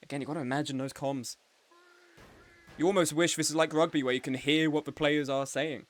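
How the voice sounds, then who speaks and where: Young male esports commentator, slightly high voice, chatty and playful live play-by-play. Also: fairly even intonation, brisk. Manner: chatty and joking, with frequent laughs. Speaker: game tournament commentator and streamer.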